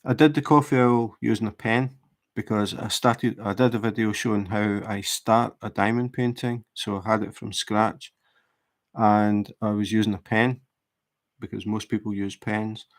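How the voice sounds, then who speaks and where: Gravelly low-voiced man chatting casually. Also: moderate pace. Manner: relaxed, explaining tips with fillers and restarts. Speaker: diamond painting livestreamer. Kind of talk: casual chat while crafting.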